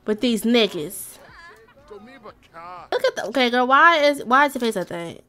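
A young woman giving casual, chatty let's-play commentary, talking straight to her viewers with excited squeals. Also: on the high side, moderate pace. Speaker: gaming YouTuber.

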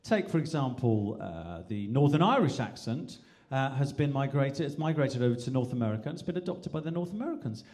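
A man from England doing stand-up on a live stage, animated and slipping in and out of mimicked accents. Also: mid-range voice, brisk. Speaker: stand-up comedian. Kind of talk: stand-up comedy routine.

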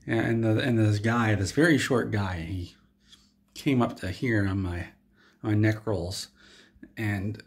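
Rambling deadpan man with a lowish voice. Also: slow pace. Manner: rambling, deadpan, frequent restarts. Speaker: comedy vlogger. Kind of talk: absurd in-character comedy storytelling.

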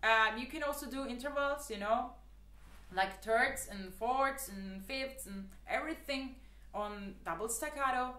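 A woman's voice: fairly high pitch, measured pace, bright, forceful tone, echoey room. A woman teaching the clarinet in a casual, chatty way, with lots of fillers and earnest, repeated advice. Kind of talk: casual spoken tutorial.

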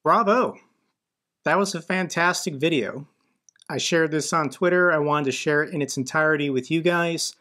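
A man's voice: a little high, normal speed, bright, forceful tone. An American man hosting a political commentary channel, blunt and indignant. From United States. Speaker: host.

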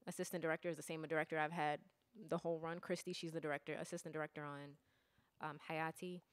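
Young woman, guest filmmaker, casual chat, rapid pace, dry studio mic. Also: deep voice, little pitch movement, clean tone, no echo. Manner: quick, loose, full of fillers. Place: radio studio.

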